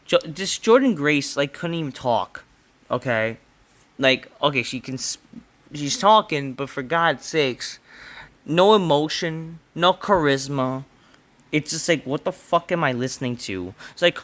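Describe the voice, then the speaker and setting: A young man rants through a wrestling show review in a casual, exasperated way. His voice is bright and forceful, and he swears often and pads his sentences with fillers. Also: medium pitch, lively intonation, measured pace. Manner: profane, exasperated, heavy with fillers.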